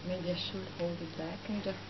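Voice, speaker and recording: A woman speaks up from the audience, unsure and searching for her words in a language that is not her first. Her voice sits fairly low. The old tape is muffled and has a clear hiss. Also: fairly even intonation, moderate pace. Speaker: audience member asking a question. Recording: muffled live talk tape, audible hiss.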